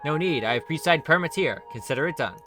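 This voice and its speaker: A man's voice: on the high side, animated, quick pace, music in the background, close to an everyday voice. A man voicing a prickly woman police dispatcher who talks in a curt, huffy way.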